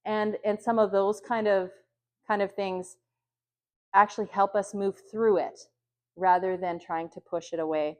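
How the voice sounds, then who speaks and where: A woman's voice: mid-range voice, fairly even intonation, a little slow. Woman trainer, casual and hesitant, acts out sample lines for staff. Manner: conversational, many ums, acts out example phrases brightly. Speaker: youth worker trainer. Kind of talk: training talk.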